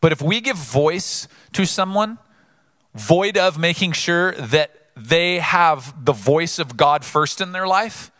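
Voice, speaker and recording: A male pastor preaching a sermon, earnest and building to emphatic peaks before dropping low, an animated storyteller. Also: no room sound, clean studio sound.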